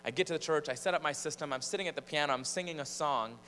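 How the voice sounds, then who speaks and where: A Michigan preacher and singer with a higher-pitched voice tells a personal story from the pulpit at a quick clip, animated and building suspense. The large church gives a long reverb, and a faint mains hum sits underneath.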